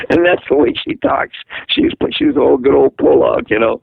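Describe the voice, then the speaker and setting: A man's voice: on the high side, moderate pace, gravelly, breathy edge, dry recording. An older man from Massachusetts telling long stories in an interview and acting out the voices of people he quotes. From Massachusetts, USA. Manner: animated storyteller who acts out quoted voices. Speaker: interviewee, musician. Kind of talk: rambling storytelling in a phone interview. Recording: tinny phone line, dry.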